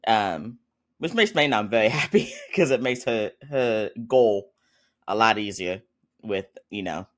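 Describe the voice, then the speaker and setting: Guy podcaster doing a casual episode recap, kinda low voice, rambly, lots of ums and little laughs. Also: expressive, measured pace. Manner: chatty, rambling, with frequent fillers and little laughs. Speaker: podcast host.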